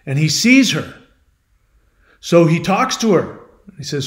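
A man's voice: a little high, big pitch swings, slow. Man retelling a myth in a chatty way. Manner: conversational, explanatory asides to the listener. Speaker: channel host. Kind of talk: storytelling, retelling a myth as a lesson. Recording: roomy echo.

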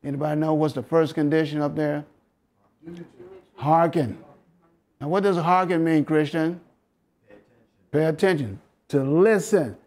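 A man's voice: a little high, fairly even intonation, a little slow, pauses often, darkish tone. Southern American man teaching scripture. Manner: preachy, coaxing the audience with questions and chuckles. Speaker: health lecturer. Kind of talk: interactive Bible health lesson.

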